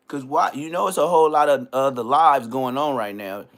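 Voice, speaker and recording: A man from Southern California hosting a livestream, ranting in a casual, comedic way with stammered restarts and frequent throat clearing. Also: a little high, moderate pace, a bit bright. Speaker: livestream host.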